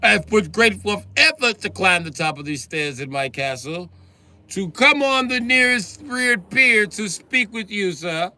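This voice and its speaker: Man doing a shrill, pompous little castle lord. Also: lively intonation, unhurried, heavily acted. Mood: indignant. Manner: stiffly formal, shouting orders. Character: indignant pompous small man defending his castle.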